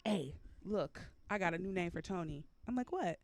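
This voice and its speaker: A woman's voice: lowish voice, expressive, normal speed, darkish tone, no echo. A mother co-hosting a casual podcast chat, telling blunt stories and swearing freely. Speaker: podcast co-host.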